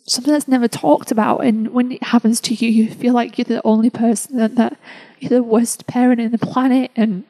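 A woman podcast host telling a personal story in an emotional, halting way, with many restarts. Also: on the high side, fairly even intonation, mellow, low-quality recording.

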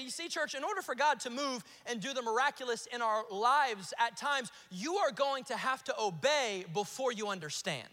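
High, bright-voiced Southern preacher. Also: male voice. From South Carolina, US. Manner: emphatic preaching with repetition and rising peaks. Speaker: pastor. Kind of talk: sermon. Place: large church auditorium. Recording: live sermon with long hall reverb.

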